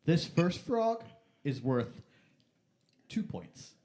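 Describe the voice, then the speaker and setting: Lively stream game-show host, goofy announcer voice that drags out the big words, lots of ups and downs in pitch. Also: very slow, slight background noise. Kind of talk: playful game-show hosting.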